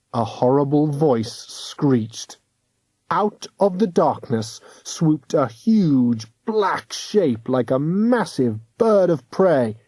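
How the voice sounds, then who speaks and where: A man narrating a children's audiobook with a measured, dramatic reading. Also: on the high side, sing-song, mellow, dry recording. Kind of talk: scripted storybook narration.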